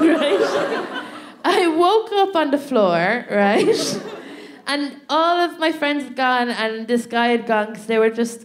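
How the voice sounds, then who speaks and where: Chatty Irish woman telling a stage story. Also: fairly high pitch. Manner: chatty, laughing, keeps asking "right?". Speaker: comedy podcast co-host. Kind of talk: live stand-up storytelling. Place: theatre stage before a live audience.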